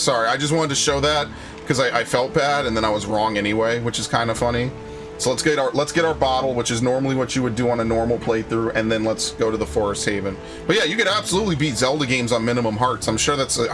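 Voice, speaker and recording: Young male streamer, mid-pitched, casual rambly commentary with sarcasm and swearing; faint game music behind. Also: fast talker. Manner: rambling, sarcastic, swears freely, tells anecdotes.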